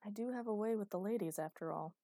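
A woman reading a teasing, flirtatious grown man, mock-romantic and deadpan, in an audiobook. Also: medium pitch, fast talker, dry recording, voice pushed up, natural voice. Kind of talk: audiobook character voice.

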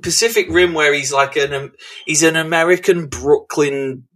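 Forceful-voiced English man chatting films. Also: a little high, moderate pace. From England. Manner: animated, swears freely, trails off mid-thought. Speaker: podcast co-host. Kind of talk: casual film chat.

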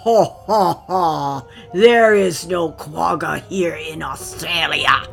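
A woman voicing a mighty male crocodile ruler in a storybook, speaking in a slow, grand, commanding way. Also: lowish voice, a bit bright, faint music behind, heavily acted. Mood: gloating.

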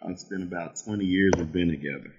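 A man's voice: deep voice, fast, a little mellow, slightly rough, highs cut off. A man in his forties with a Southern Texas accent, a laid-back podcast guest. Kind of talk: casual interview chat.

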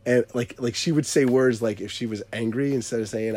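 A man in his thirties tells a story in a loose, rambling way, doubling back and correcting himself mid-sentence. His voice sits at an ordinary middle pitch, and he breaks into laughter often. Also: a little fast, warm tone. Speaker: podcast co-host telling a story. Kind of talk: casual storytelling chat.

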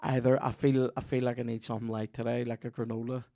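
A man's voice: medium pitch, level tone, fast, mellow, no echo, studio quality. A Northern Irish man hosting a podcast, rambling through a profane, jokey sponsor read. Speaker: podcast host. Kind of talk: sweary comedic ad read.

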